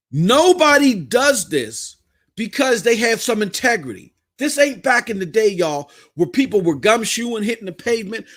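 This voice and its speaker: A man with a Southern US accent and a very high, bright voice, delivering a heated podcast rant. He is blunt and slangy, and his pitch swings widely as he talks. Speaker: podcast host.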